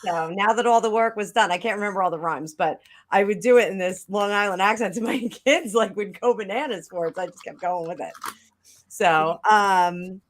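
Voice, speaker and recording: A middle-aged woman with a New Jersey accent, chatting casually as a tarot reader on a live video call, quick asides and frequent laughter. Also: medium pitch. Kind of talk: casual chat. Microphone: webcam on a video call.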